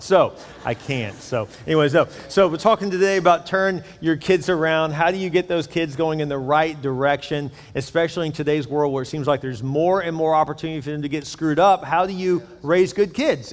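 A middle-aged man preaching a sermon as a pastor, in a candid, conversational, joking manner. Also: fairly high pitch. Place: church auditorium. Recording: echoey hall.

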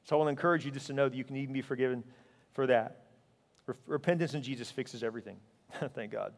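A man preaching as a pastor, earnest and emphatic, often sinking to a quiet, intense tone. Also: medium pitch, quick pace, gravelly, in a large hall. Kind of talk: sermon.

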